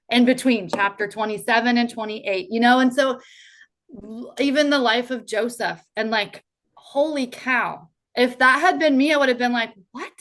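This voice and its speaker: A woman's voice: on the high side, fairly bright tone. A woman in her thirties, a podcast guest talking in an earnest, heartfelt way, full of casual fillers. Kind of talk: faith podcast conversation.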